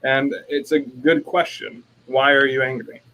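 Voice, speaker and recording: Guy cohosting a relationship chat, mid-pitched, acts out both sides when he tells a story. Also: level tone, measured pace, sharp tone, poor audio. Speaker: life coach co-host. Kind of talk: casual conversation.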